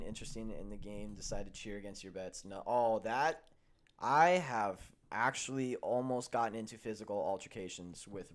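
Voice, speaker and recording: A young man hosts a sports betting show, chatting casually and telling animated, profane stories that veer from heated rants down to low grumbling.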